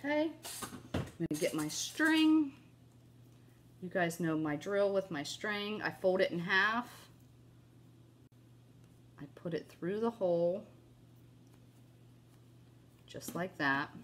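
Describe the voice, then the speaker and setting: A woman's voice: medium pitch, animated, takes it slowly, long pauses. A woman hosting a casual crafting tutorial. She talks in a gushing, chatty way and has a cough. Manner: gushing, chatty, keeps saying "you guys" and "oh my gosh". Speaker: craft video host.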